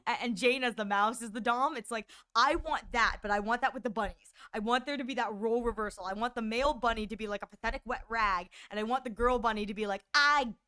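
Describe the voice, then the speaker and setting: A young woman streamer chatting casually with viewers, rambling and animated, often stammering and restarting her words, with a voice she calls shrill. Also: quick pace, hardly any pauses, smooth.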